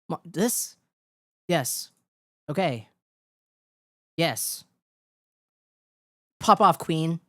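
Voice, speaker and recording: A woman's voice: deep voice, animated, drawn-out words, pauses often, fairly bright tone, no room sound, clean studio sound. A woman streamer chatting live with her viewers, giggly and flustered, often repeating herself in a cutesy, playful way. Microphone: desk microphone.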